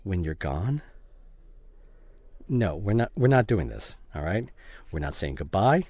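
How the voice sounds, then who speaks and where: A young man in a whispered role-play, talking softly and tenderly to the listener as a boyfriend, close to the microphone. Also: lowish voice, sing-song, normal speed, breathy edge, no echo. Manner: soft, tender and intimate, speaking to a listener as a boyfriend. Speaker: ASMR role-play voice actor.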